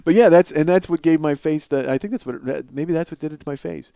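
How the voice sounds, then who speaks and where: This podcast host, a man with a slightly high, fast voice, warm tone and vocal fry, delivers a comic storytelling monologue on a comedy podcast. He has a cold sore on his face and rambles through a profane, self-mocking story, laughing at his own jokes. The recording is dry.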